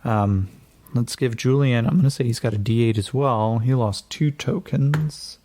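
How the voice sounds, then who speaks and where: Narrating a tabletop session at a measured pace, a game master speaks in a medium-pitched voice. He's laid-back and meandering, often correcting himself and using filler words.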